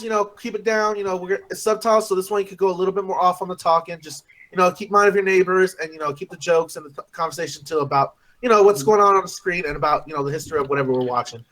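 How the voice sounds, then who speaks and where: A man's voice: high-pitched, fairly bright tone. A man on a casual video-call chat, laid-back, explaining the rules with lots of "you know". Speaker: co-host.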